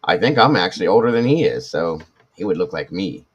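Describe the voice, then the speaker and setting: A man in his forties chats casually on a live stream, answering viewers in a rambling, self-mocking way full of restarts. His voice sits low and deep. The audio is dull and lo-fi. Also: sing-song, brisk, slightly rough. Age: 40s. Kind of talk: casual chat reading viewer comments.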